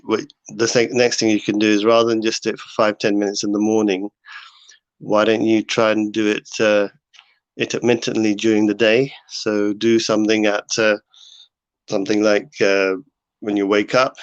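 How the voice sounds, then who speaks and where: A man's voice: lowish voice, smooth, no room sound. A man hosting a casual live talk to his viewers, rambling with many fillers and restarts. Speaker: host. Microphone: home setup. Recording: dull lo-fi sound.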